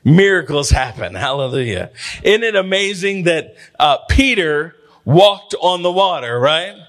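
A male preacher delivering a Sunday sermon with a slightly higher voice than most men. He drives his points home by repeating phrases and slowing down on key words. Shouts of "hallelujah" and "come on" punctuate his preaching. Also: very animated. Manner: emphatic, repetitive calls with drawn-out words for stress; frequent interjections of "come on" and "hallelujah". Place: church sanctuary.

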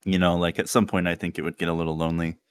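A young man hosting a podcast, telling stories in a relaxed, casual way and laughing often. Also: deep voice, very fast, clean tone. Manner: laid-back storyteller, laughs often. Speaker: podcast host. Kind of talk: casual chat.

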